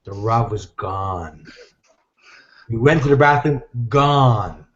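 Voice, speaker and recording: A man telling a story in an animated way and acting out the voices of the people he quotes, heard over a live video call. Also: mid-range voice, slow. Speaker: guest teacher. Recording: echoey, dull video-call audio.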